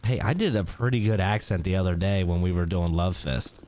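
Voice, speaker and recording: A man's voice: low voice, brisk, darkish tone, slight background noise. Laughing man hosting a role-play stream. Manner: laughing, teasing, showing off. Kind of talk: casual role-play banter.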